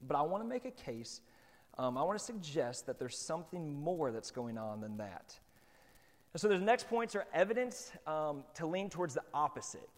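A man preaching a sermon as pastor, in a relaxed, conversational way with lots of fillers. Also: on the high side, normal speed, big-room sound.

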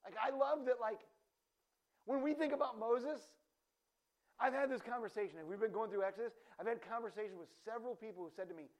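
A man preaching a sermon in a conversational, animated way, full of asides and quick questions to the listeners. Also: very high-pitched. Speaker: pastor. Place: church.

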